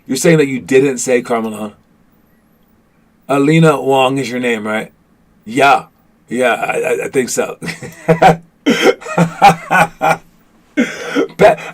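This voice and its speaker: Speaking unhurriedly in a medium-pitched voice with long pauses, a man hosts a casual basketball podcast on a live stream. He jokes around, teases his chat, and restarts his sentences a lot.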